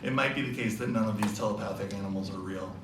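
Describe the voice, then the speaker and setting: A man presenting at a symposium, reading a story aloud and thinking out loud with the audience in a relaxed way. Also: fairly low pitch, quick pace. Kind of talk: casual talk with reading aloud. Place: lecture hall. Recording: echoey hall from far off, noisy.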